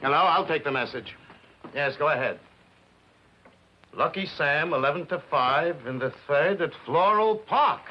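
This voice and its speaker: An actor playing an indignant middle-aged husband in a 1950s TV sitcom, emphatic and scolding in an exasperated way. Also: male voice, a little high, expressive, a little slow, pauses often. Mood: businesslike. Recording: dull lo-fi 1950s TV sound.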